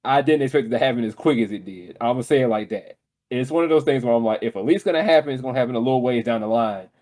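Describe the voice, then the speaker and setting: A man co-hosting a gaming podcast in casual chat. He tells stories with excitable energy, jumping up in pitch when he gets worked up. His voice sits in a middle register. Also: very fast. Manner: excitable, animated storytelling with laughs. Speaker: podcast co-host.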